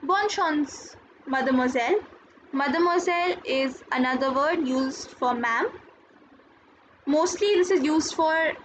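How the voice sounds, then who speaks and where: A woman teaching a recorded school lesson, explaining each word slowly and carefully and repeating it. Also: sits high, fairly bright tone. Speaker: French teacher. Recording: dull lo-fi sound, faint noise.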